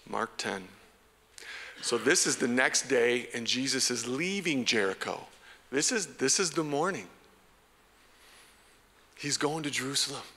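A man preaching a sermon as pastor, animated and conversational. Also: medium pitch, vocal fry, in a large hall. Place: church hall.

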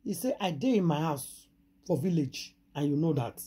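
A woman's voice: deep voice, lively intonation, moderate pace, warm tone, husky. A woman with a Nigerian accent, hosting a gossip channel and retelling a story dramatically in Pidgin, with repeated exclamations.

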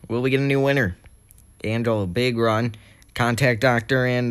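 A young man with a scratchy throat calling a video game race, getting excitable as the crashes pile up. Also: medium pitch, normal speed, clear, resonant tone. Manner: excitable, rising to shouts at crashes. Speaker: race commentator.

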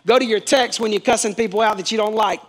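A man's voice: sits high, quick pace. A male pastor preaching a sermon with emphatic repetition, calling on the congregation to answer back. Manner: emphatic, repeats key phrases, calls on the congregation to respond.

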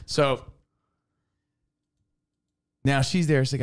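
A young man co-hosting a podcast tells a story in a loose, chatty way. His pitch swings widely, often jumping into high voices for quotes. He laughs often as he talks. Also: animated, a little fast. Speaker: co-host. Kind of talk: casual podcast chat, storytelling.

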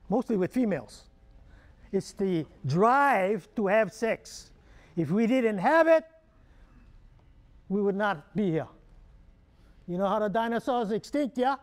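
A man with a Hawaiian Pidgin accent giving a humorous keynote talk, joking and quizzing the audience with questions. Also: high-pitched. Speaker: keynote speaker.

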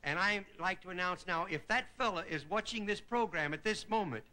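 A comedian in his fifties delivering a stand-up monologue, chuckling at his own gags and dropping into quick character voices. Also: sits high, background noise. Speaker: comedian host. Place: television studio stage with live audience.

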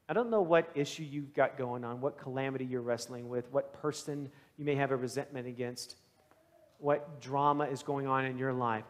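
A man preaching a sermon as pastor, retelling a gospel story in a conversational, animated way and voicing its characters with sudden loud bursts. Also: medium pitch, in a large hall. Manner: conversational, plain-spoken preaching. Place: church sanctuary.

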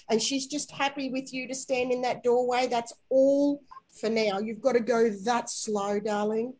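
A woman guiding a spiritual inner-child healing session, talking softly and slowly and coaxing with endearments. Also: on the high side, fairly even intonation, poor audio. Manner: soft, slow, coaxing guidance with gentle endearments.

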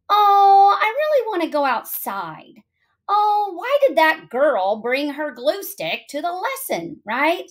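Addressing young students directly, a middle-aged woman teaches a lesson in a high-pitched voice. Her manner is encouraging toward the children.

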